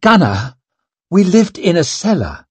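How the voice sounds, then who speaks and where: A man's voice: high-pitched, big pitch swings, unhurried, husky, no echo, voice pushed up, exaggerated voice. A man voicing a working-class wife learning to be a proper lady, prim and correcting.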